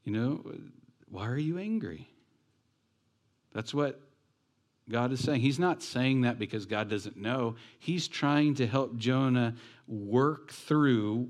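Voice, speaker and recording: A man's voice: mid-range voice, expressive, slow. A man preaching a sermon as pastor, talking in a conversational way with rhetorical questions and joking asides.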